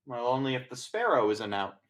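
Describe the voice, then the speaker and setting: A man's voice: very animated, a little fast, close to an everyday voice. A man voicing a composed woman secret agent who speaks politely and discreetly. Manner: polite, low-key, discreet.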